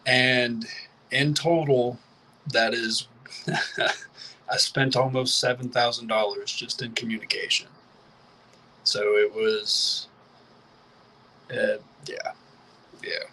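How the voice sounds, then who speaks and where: Young male guest, plain-spoken and casual, bright and forceful tone. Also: medium pitch, steady tone, takes it slowly, long pauses, a little hiss or hum, low-quality recording. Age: young adult. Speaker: interview guest. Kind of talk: casual interview talk.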